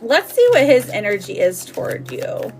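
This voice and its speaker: Her voice sits on the high side, sing-song and at normal speed, with soft music in the background. This live-stream tarot reader is chatty and fond, calling viewers sweetheart and babe, often laughing and saying "like."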